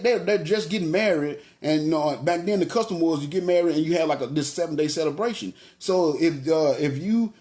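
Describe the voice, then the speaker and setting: Male preacher with a higher voice, laid-back street talk, preaching to the congregation. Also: fairly quick, few pauses, darkish tone. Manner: street-talking, chatty, addresses the congregation as y'all. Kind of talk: casual, conversational sermon.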